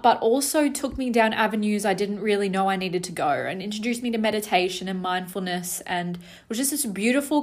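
Frank young woman telling her story. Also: medium pitch. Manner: frank and reflective, swears, halting restarts. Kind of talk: candid personal storytelling.

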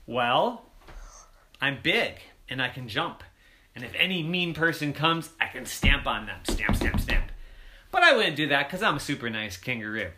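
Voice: medium pitch, animated, moderate pace, sharp tone, a little hiss or hum. A storyteller voicing a big, friendly kangaroo who guards a castle, talking in a bouncy, cheerful way in a bedtime story.

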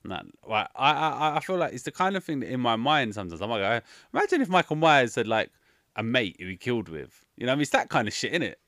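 A young man rants about a film in a casual podcast chat, his voice jumping all over the place. The tone is bright and forceful, and the sound is dry and close, with no room around it. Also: medium pitch, fast, no echo. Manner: animated, swearing, exasperated rants.

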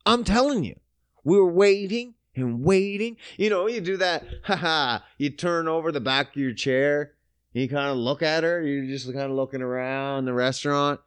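A man ranting casually and sarcastically about a restaurant visit, swearing often and swinging from low mutters to loud outbursts. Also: moderate pace, smooth, no echo. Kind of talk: casual profane rant to camera.

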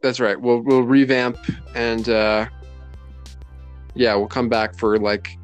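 A man's voice: medium pitch, fairly even intonation, takes it slowly, clear, resonant tone, soft background music. A man co-hosting a podcast in easygoing casual chat, often laughing along. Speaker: podcast co-host.

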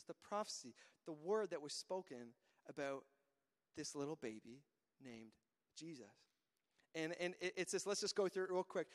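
A man with a high-pitched voice preaches in an easy, conversational way. He often stumbles over a word or two before a thought gets going. His voice rings out with a long hall reverb. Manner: conversational, repeats words when starting a thought. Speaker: pastor. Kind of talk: casual sermon.

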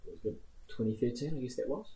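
A medium-pitched man with a New Zealand accent, in his thirties, talks at a quick pace as a guest in a casual chat. He rambles through his stories in an animated way, laughing while he tells them, in a recording with roomy echo.

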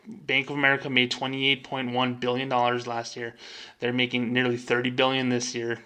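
A man's voice: medium pitch, bright, forceful tone. A man and former bank employee hosting a show, ranting in an emphatic, indignant way and repeating words for stress. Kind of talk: casual rant.

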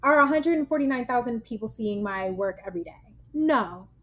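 A woman's voice: on the high side, lively intonation, fairly quick. A woman chatting casually as a guest, telling stories and acting out quoted remarks. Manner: chatty, storytelling with quoted asides. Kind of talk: casual chat.

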